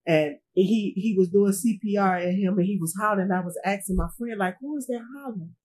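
A middle-aged woman, a grieving mother, speaking in an interview in a halting way, often repeating herself and trailing off. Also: mid-range voice, steady tone, darkish tone, breathy edge, low-quality recording. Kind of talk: emotional interview testimony.

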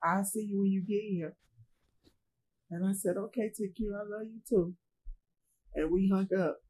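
A woman being interviewed as a grieving mother, speaking in a halting way, repeating herself and quoting others, with speech. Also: medium pitch, fairly even intonation, a little mellow, a little hiss or hum, rough recording. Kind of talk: emotional personal testimony.

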